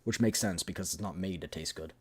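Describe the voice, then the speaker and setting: Casual male streamer, sarcastic asides, slightly husky, low-pitched. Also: quick pace. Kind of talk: casual live-stream commentary.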